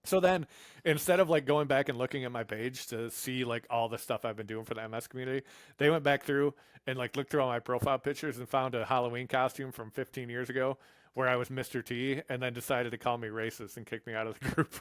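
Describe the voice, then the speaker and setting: A man's voice: medium pitch, fairly even intonation, fast, no room sound. A man in his forties, a podcast guest talking casually, laid-back and swearing now and then. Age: 40s.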